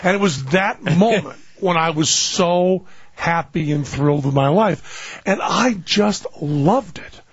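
A man's voice: on the high side, slow pace, slightly rough, no room sound, highs cut off. An older man rambling through a funny anecdote in casual chat, often laughing as he talks. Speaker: guest storyteller.

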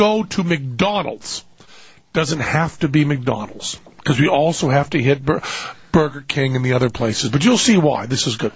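A man's voice: a little high, husky, no echo, dull audio. A man hosting a talk radio show, riffing in a sarcastic, rambling comic monologue.

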